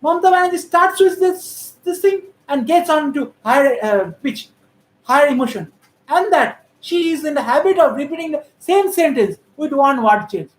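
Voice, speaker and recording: A woman's voice: high voice, lively intonation, moderate pace. A woman giving critical, emphatic political commentary on how politicians speak. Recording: roomy echo.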